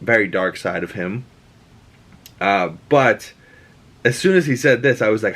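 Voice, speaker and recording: A man's voice: on the low side, moderate pace, fairly bright tone. A young man with a Boston accent hosting his own show, casually recapping a TV episode and ranting profanely, acting out the characters' lines in shifting voices. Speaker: show host.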